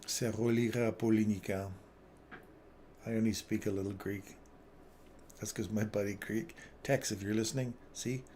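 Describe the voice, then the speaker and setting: A man's voice: lowish voice, fairly even intonation, moderate pace, pauses often, darkish tone, a little hiss or hum. A man hosting a live trading stream, chatting casually and telling rambling stories with frequent chuckles, then thinking aloud through chart analysis.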